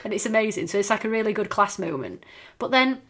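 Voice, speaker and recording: A woman's voice: mid-range voice, expressive, fast, fairly bright tone. A woman, chatting casually and swearing freely as a podcast co-host. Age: 30s. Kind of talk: casual chat.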